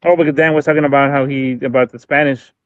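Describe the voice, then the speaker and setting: Guy chatting on a stream, smooth voice, kinda muffled dry sound. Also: mid-range voice, level tone, fast talker, no echo. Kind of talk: casual chat. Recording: dull, dry lo-fi stream audio.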